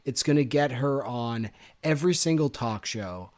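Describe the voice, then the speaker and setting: A man's voice: mid-range voice, animated, normal speed, a little mellow. A man co-hosting a book-club podcast, picking apart a story with sarcastic, ranting critique. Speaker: podcast co-host. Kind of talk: casual book-club discussion.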